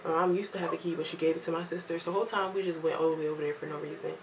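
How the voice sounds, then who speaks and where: A young woman telling a casual storytime vlog at home, lively and chatty, acting out what others said. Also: low-pitched, racing, a crowd in the background, poor audio. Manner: chatty, animated quoting of others, laughs often. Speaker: vlogger.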